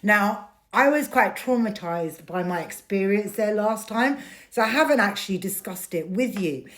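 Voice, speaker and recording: A woman's voice: medium pitch, animated, moderate pace, fairly bright tone. Brief: middle-aged woman, fired-up vlog rant, punchy delivery. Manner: indignant, emphatic. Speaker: vlogger. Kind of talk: ranting personal storytelling.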